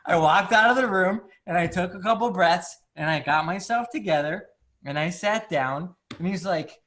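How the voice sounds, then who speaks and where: A man's voice: sits high, moderate pace, a bit bright. A man who works as a psychologist, talking candidly in a casual conversation, full of restarts and "like". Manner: candid, filler-heavy, many restarts and "like".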